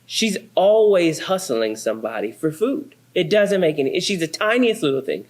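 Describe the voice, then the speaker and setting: A man in his thirties, a pastor, telling funny family stories in a sermon. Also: sits high. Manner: animated, self-deprecating, comic. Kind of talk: humorous sermon storytelling.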